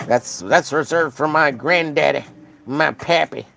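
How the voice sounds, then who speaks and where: A man's voice: fairly high pitch, a little slow, vocal fry, bright, forceful tone. Joking, rambling male streamer, faint music. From Texas. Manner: rambling, joking, crude banter with chat. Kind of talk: casual livestream chat while drawing.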